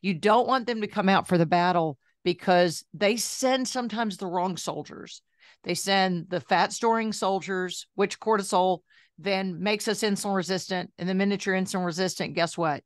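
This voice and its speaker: A woman in her sixties, a journalist and health coach, telling her story in a chatty, lively interview style full of asides. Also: medium pitch, moderate pace, dry recording, clean studio sound. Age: 60s.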